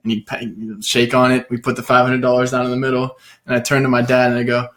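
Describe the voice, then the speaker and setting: A man's voice: medium pitch, monotone, fast, a bit bright. A young man in casual chat, loosely telling a dream story, swearing freely and breaking into laughter. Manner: loose and profane, telling stories with bursts of laughter.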